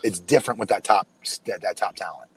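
A man's voice: fairly low pitch, a little fast, breathy edge, no echo. A man co-hosting a casual podcast, talking in a blunt, emphatic way. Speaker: podcast co-host. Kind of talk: casual wrestling chat.

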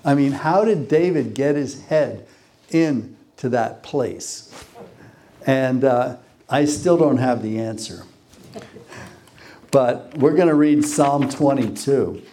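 A man's voice: mid-range voice, slow pace, pauses often, dark tone, a little hiss or hum. A man preaching a sermon, who reads scripture aloud, repeats phrases for emphasis and asks the congregation questions.

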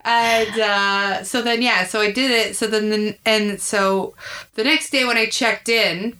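A woman's voice: a little high, unhurried. A woman comedian in her thirties telling candid, profane stories in a casual chat. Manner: candid, profane, animated storytelling. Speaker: comedian guest.

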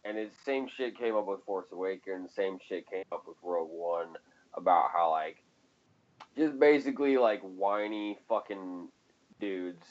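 A man's voice: low voice, a little slow, darkish tone, dull audio. A man co-hosting a casual podcast chat, profane and ranting, laughing often. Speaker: podcast co-host.

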